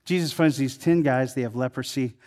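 A man preaching a sermon in a conversational way, building to emphatic peaks and then dropping low. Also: a little fast, a little mellow. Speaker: pastor.

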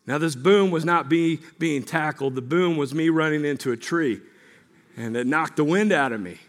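A man preaching a sermon as pastor, earnest and conversational, often checking in with "right?" and growing quiet and gentle as he leads prayer. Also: fairly high pitch. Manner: earnest, repeats key phrases, asks "right?"; turns quiet and slow while leading prayer.

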